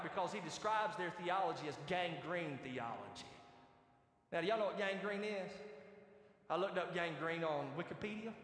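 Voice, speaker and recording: Male pastor, sermon, high voice, bright, echoey church hall. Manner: animated, conversational, rhetorical questions to the congregation.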